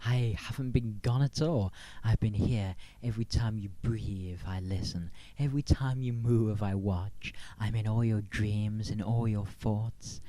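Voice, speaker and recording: A creepy half-octopus stalker , played by a man in his own voice, who speaks in a dry, deadpan drawl. The voice sits fairly low and sounds mellow and dark. He comes across as smug and mock-sinister in a comic sketch. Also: unhurried, few pauses, dry recording, close to an everyday voice.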